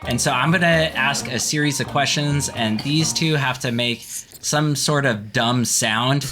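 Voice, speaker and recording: A man's voice: mid-range voice, a little slow, bright, forceful tone, soft background music. A man hosting a casual podcast and running a joking quiz game. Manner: laid-back, joking quizmaster.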